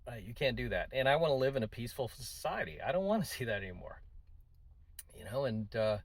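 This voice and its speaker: A middle-aged man talking straight to his viewers in a loose, rambling commentary. He often adds tag questions and fillers, and his voice sits at an average pitch. The recording is dry and close, with no room sound. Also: expressive, fast talker, dry recording. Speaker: channel host. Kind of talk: casual opinion commentary to camera.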